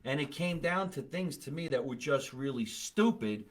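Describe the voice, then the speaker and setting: A man's voice: medium pitch, animated, normal speed. Blunt, profane male comedy podcast host. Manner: blunt, profane, rambling storytelling. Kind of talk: casual comedic chat.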